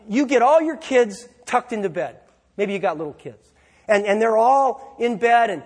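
A pastor preaching a sermon, telling a story in a loose, conversational way with fillers and repeated words. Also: male voice, very high-pitched, slightly rough. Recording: reverberant church hall.

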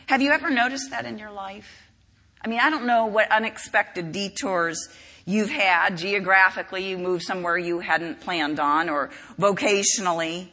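A woman's voice: mid-range voice, moderate pace, bright, forceful tone. A woman preaching a sermon in a conversational, storytelling way with frequent asides, recorded in a large hall. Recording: reverberant hall.

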